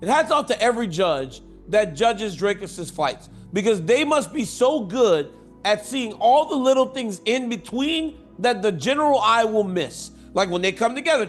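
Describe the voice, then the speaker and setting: A man with a notably high voice talks casually about a fight. He is enthusiastic and speeds up in bursts, with faint music behind. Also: very animated, normal speed. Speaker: fighter giving a prediction. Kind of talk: casual conversational prediction.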